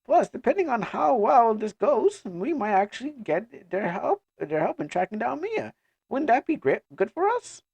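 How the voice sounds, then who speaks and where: A fretful, caring young girl with a very high falsetto voice, as a man puts her on. The pitch leaps around a lot, and the voice is heard close and dry over faint music. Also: very animated, normal speed, creaky, a little mellow, slightly rough, dry recording, exaggerated voice. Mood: coaxing.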